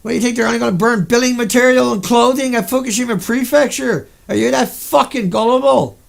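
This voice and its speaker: A man's voice: very high voice, quick pace, vocal fry. A man delivering an indignant, profane, sarcastic monologue rant on his own channel. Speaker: vlogger.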